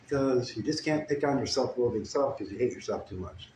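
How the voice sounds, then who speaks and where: A comedic storyteller with a medium-pitched voice tells a crude, meandering, improvised comic story at a fairly quick pace, adding deadpan asides. It's recorded in an echoey room with faint ambient noise, and guitar playing can be heard in the background.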